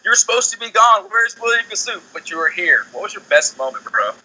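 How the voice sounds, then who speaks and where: A chummy male podcast host with a high voice and a very bright tone, chatting casually with his guest. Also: animated, fast, rough recording. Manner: chummy, calls guest bro and man. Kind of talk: casual interview.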